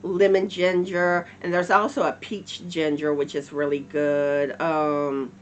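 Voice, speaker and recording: A woman hosts her knitting channel in an easygoing chat to camera. She talks slowly and meanders, filling pauses with "um" and "y'all". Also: low-pitched, little pitch movement, a little hiss or hum. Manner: chatty, warm, uses "y'all", many fillers.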